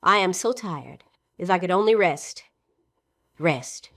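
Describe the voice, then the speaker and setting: A woman reading the role of a weary, fragile young actress in a play reading, with heartfelt, halting delivery. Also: fairly low pitch, no room sound, clean studio sound, close to an everyday voice.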